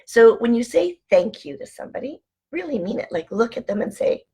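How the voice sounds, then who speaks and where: A woman hosting a casual motivational vlog from home, chatty and animated as she tells anecdotes. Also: a little high, fairly quick, husky. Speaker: online show host.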